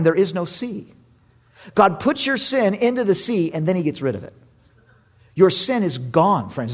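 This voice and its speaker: A man in his thirties preaching a sermon, animated and humorous, jumping from loud exclamations to hushed asides. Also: high-pitched. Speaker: pastor.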